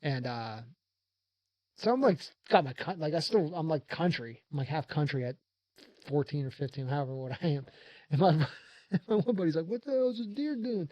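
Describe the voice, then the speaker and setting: A man's voice: fairly high pitch, animated, normal speed, dry recording, highs cut off. A man telling a rambling, casual story on a podcast, swearing freely and laughing often. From rural area. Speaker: podcast host.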